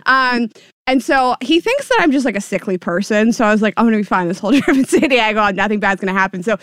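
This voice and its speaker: A young woman co-hosting a podcast, telling a story in a casual chat, animated, laughing and swearing. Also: a little high, fast, dry recording, clean studio sound. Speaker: podcast co-host.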